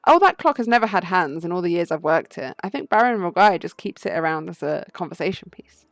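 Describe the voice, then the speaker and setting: A woman's voice: sing-song, fairly quick, no echo, soft background music. Woman doing a muffled, polite, jittery giraffe maid for a game read-through. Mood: helpful. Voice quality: muffled, as if from high up. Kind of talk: game playthrough read-aloud.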